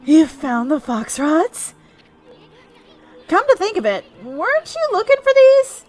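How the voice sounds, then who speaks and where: A woman voicing a tiny brash male sidekick in a video game, with a loud, teasing, boastful manner. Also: extremely high pitch, very animated, takes it slowly, faint music behind, voice pushed up, exaggerated voice, poor audio. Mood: bickering.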